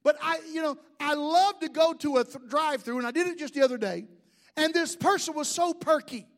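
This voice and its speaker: A man's voice: extremely high pitch, brisk. A man, a pastor, preaching a sermon with jokes and asides to the congregation.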